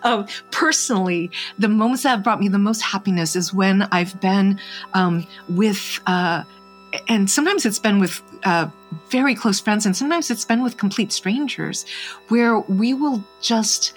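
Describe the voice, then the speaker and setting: A married woman guest in an interview, speaking earnestly and reflectively, often pausing and restarting with fillers. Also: mid-range voice, faint music behind. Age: adult, married. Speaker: podcast guest.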